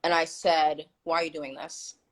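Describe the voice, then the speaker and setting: Poor audio carries a woman's deep voice at a moderate pace through a phone or video call. She's a live stream guest recounting a story animatedly and emphatically, quoting people's words.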